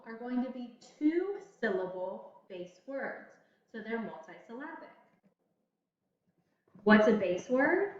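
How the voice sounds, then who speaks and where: A woman teacher giving a patient phonics lesson to children, speaking slowly and pausing for answers. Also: on the high side. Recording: echoey room, slightly dull sound.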